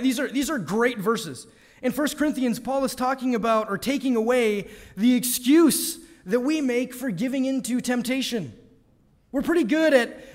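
A male pastor delivers a sermon in a notably high voice. He presses his points with rhetorical questions and sudden quiet emphasis. His words ring out with a long reverb, as in a church sanctuary.

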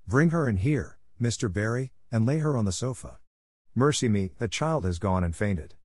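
A low-voiced man playing a stern middle-aged guardian from a storybook, sharp and shrewish in tone. The sound is dry and close. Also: lively intonation, moderate pace, no room sound.

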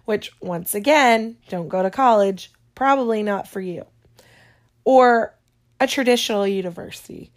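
A woman giving casual, rambling advice to her viewers, pausing often and yawning between points. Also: medium pitch. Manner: chatty, digressive, yawning often.

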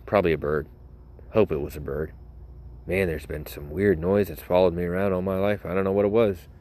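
A young man hosting a casual show, telling rambling, joking stories with many asides and self-interruptions. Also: low voice. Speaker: podcast host.

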